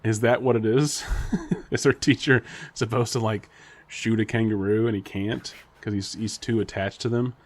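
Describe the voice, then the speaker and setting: Male podcast co-host, fairly low voice, loose rambling delivery with lots of laughter. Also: steady tone, moderate pace. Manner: rambling, laughs often, speculative. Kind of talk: casual chat.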